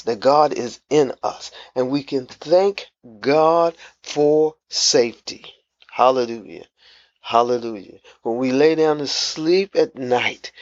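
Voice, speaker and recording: A man preaching a devotional sermon, slow and emphatic, repeating key phrases. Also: mid-range voice, no echo, lo-fi sound.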